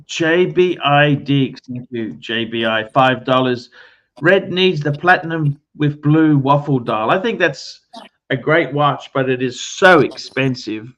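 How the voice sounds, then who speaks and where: A man's voice: mid-range voice, a little slow, fairly bright tone, dull audio. A man hosting a livestream who gives blunt, bossy advice, swears often and restarts his sentences. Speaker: livestream host. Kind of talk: casual livestream chat.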